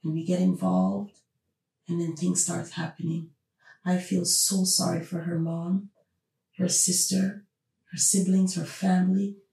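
A woman's voice: fairly low pitch, flat delivery, a little slow, vocal fry, dark tone. A woman hosting a podcast, talking through her opinions with emphatic, repeated rhetorical questions. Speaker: podcast host. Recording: roomy, distant from the mic.

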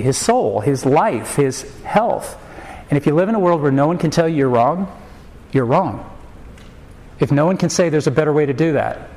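A man's voice: on the high side, creaky, a little mellow, poor audio. Storytelling pastor man in his forties. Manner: storytelling with humor, acts out quoted voices; emphatic rhetorical questions. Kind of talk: sermon.

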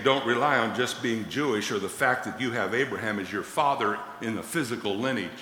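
Male pastor, sermon, animated dramatic delivery, bright voice, echoey church hall. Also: medium pitch. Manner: animated, dramatic scripture quoting.

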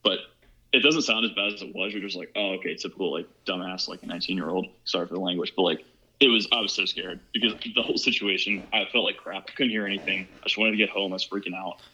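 A man's voice: on the low side, quick pace, pushed and bright, slightly rough. A young man from Ohio, telling a story as a podcast guest in a rambling, casual way, full of "like" and "you know". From Ohio, USA. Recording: muffled lo-fi recording.

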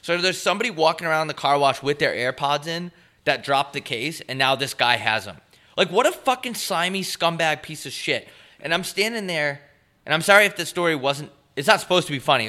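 A young man rambles through a story on a casual podcast, swearing freely and acting out the people he met. His voice is bright and swings widely in pitch as he gets worked up. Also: lively intonation, fairly quick. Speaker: podcast co-host. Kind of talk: casual chat.

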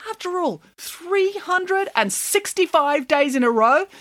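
A woman's voice: high voice, a bit bright, no echo, pitched above the performer's own voice. A woman doing a bossy pig nanny. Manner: emphatic, self-assured. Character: bossy, indignant female flying pig nanny.

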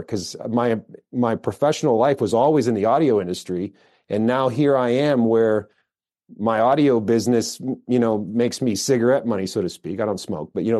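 An American man, middle-aged, a firearms instructor telling his story in a relaxed interview, rambling with fillers and restarts. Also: medium pitch, fairly quick. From United States. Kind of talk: casual interview talk.

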